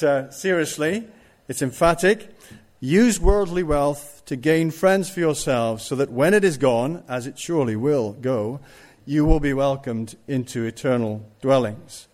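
A man's voice: fairly high pitch, darkish tone. A man preaching a sermon, stressing his points and putting rhetorical questions to the congregation.

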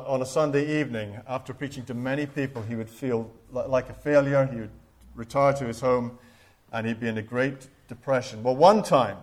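A middle-aged man preaching a sermon in an earnest, reflective way, with shifts in loudness for emphasis. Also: mid-range voice.

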